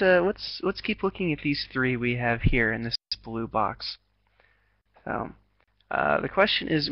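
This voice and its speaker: A man's voice: medium pitch, no echo, muffled recording. An American man teaching an online English class, encouraging and full of fillers and restarts. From United States. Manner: encouraging, many fillers and restarts, laughs often. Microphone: video call.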